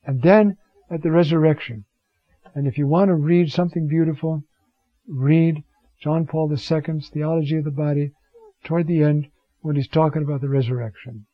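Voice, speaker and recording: Animated man preaching, lo-fi recording. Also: moderate pace, dry recording. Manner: animated, rhetorical questions, sudden rises in pitch. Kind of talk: sermon on scripture. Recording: dull, lo-fi dry recording.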